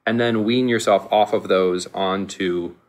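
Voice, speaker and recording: Low-voiced laughing male podcast host. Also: measured pace. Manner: animated, laughs often, frequent restarts. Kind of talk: casual podcast chat.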